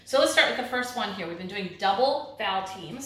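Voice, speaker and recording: A woman teaching a phonics lesson to second graders, drilling sounds clearly and with energy. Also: mid-range voice, expressive, fairly quick. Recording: very echoey room.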